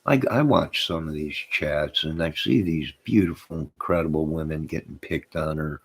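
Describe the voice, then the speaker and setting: Rambling on his own channel at a moderate pace, a host reads comments from his live chat aloud and chuckles to himself, his voice low, rumbling and husky.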